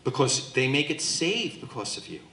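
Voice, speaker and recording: A man leading a Bible study as pastor, teaching in an animated way and acting out the voices in the text to his group. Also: medium pitch, normal speed. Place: church hall with a small group. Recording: echoey room.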